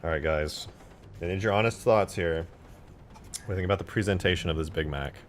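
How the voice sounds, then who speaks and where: A man live-streaming, chatting casually and excitedly with his viewers while eating and reacting to videos. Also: sits low, brisk, faint music behind. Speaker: livestreamer reacting to game mod videos.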